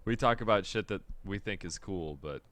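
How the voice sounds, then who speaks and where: A man's voice: deep voice, animated, normal speed, a bit bright, dry recording. A man co-hosting a podcast, talking offhand and profane, laughing often. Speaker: podcast co-host. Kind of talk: casual chat.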